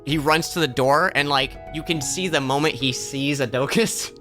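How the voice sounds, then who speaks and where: A man narrates a tabletop game as its game master, stopping and restarting his phrases often. His voice is bright, with faint music behind. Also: fairly high pitch. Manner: halting, with many fillers and restarts.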